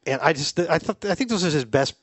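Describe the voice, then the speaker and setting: A man's voice: fairly high pitch, lively intonation, a little fast, breathy edge, dry recording. Middle-aged man, chatty storyteller. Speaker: podcast co-host. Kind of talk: casual chat.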